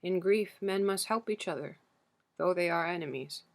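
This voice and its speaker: A woman reading the part of an aged, grieving king, speaking slowly and humbly with a foreign accent. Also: fairly low pitch, vocal fry. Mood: pleading. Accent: foreign-accented speech as the figure. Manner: slow, careful pleading speech. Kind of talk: audiobook character reading.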